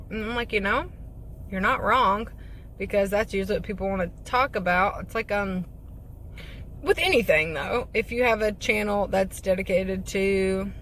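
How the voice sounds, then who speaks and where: A woman talks straight into her vlog in a blunt, chatty way, swearing freely and wandering off into asides. Her voice sits at a middle pitch for a woman, with a faint hiss of noise under the recording. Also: a bit bright. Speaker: vlogger. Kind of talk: casual vlog chat. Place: parked car.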